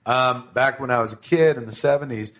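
A middle-aged man talks as a podcast guest, telling stories with plenty of swearing. His voice sits at an ordinary middle pitch, and he goes at his stories with animated energy. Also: fairly quick. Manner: animated, profane storytelling. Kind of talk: casual podcast conversation.

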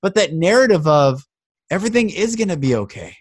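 A man hosting a conversational podcast, telling stories with animated emphasis. His voice sits somewhat high. The sound is dry and close to the mic. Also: a little fast, no room sound. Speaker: podcast host. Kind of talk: casual conversation.

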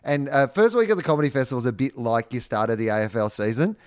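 An Australian man co-hosting a casual podcast, recounting a story with lively swings of feeling, swearing freely and breaking into laughs. His voice is mid-pitched and recorded close and dry. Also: fast, no room sound. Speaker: podcast co-host and stand-up comedian. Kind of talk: casual chat.

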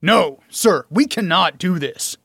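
A man's voice: a little high, brisk, no room sound, studio quality, lightly acted. A man reading the lines of a young army corporal who gives urgent commands. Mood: outraged.

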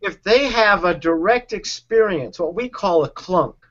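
Man, high voice, earnest coach, explains a method, acts out quotes, dull lo-fi sound. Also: lively intonation, a little slow, fairly bright tone. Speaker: relationship and sales coach. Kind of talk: explaining a technique in a conversation.

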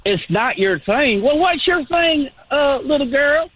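A man's voice: very high voice, animated, unhurried, dry recording. A man with a Southern US accent calling into a radio show, boastful and folksy. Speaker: caller. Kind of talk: phone call on a radio show. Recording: muffled phone line.

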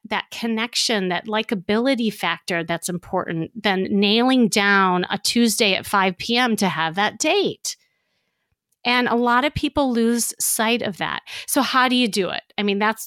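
A middle-aged woman, a dating coach, giving casual advice in an animated, upbeat way, chatty and full of fillers. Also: mid-range voice, no echo, studio quality.

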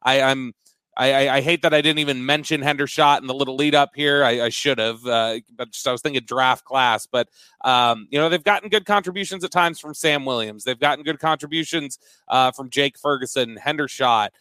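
Bright-voiced man hosting sports talk. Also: mid-range voice, a little fast, clean tone, no echo. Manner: hesitant restarts, list-like segment hosting. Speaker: podcast co-host.

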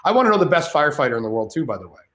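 A man telling a story as a podcast guest, animated and rambling, with plenty of swearing. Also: on the high side, rapid-fire, echoey room. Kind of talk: casual storytelling.

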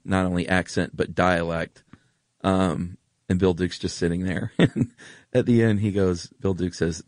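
A man co-hosting a podcast, telling stories in a relaxed, enthusiastic way. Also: sits low, no echo, studio quality. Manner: relaxed storyteller, laid-back and enthusiastic. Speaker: podcast co-host. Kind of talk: casual chat.

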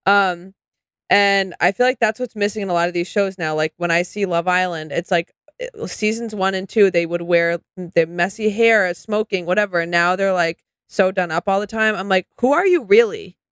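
A woman's voice: medium pitch, moderate pace, clean tone, no echo. A woman co-hosting a podcast, rambling enthusiastically in casual chat about reality TV. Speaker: podcast co-host.

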